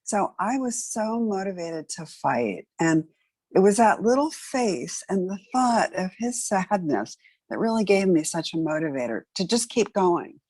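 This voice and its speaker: A woman's voice: medium pitch, animated, a little slow, a little mellow, no room sound. A middle-aged woman telling her personal story as an interview guest, earnest and conversational with many fillers. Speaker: interview guest, patient advocate.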